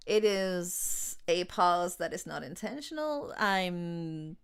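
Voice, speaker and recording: A woman's voice: on the low side, lively intonation, slow, clean tone. A woman with a Canadian accent hosting a livestreamed book launch, chatting casually, laughing and apologizing over technical trouble.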